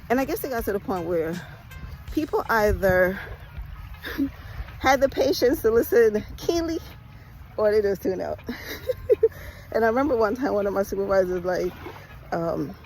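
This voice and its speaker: Fast-talking Jamaican-born woman vlogger. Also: medium pitch, darkish tone, slight background noise, low-quality recording. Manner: talks fast, chatty and laughing. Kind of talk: casual walking vlog. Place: outdoors on a beach at sunrise.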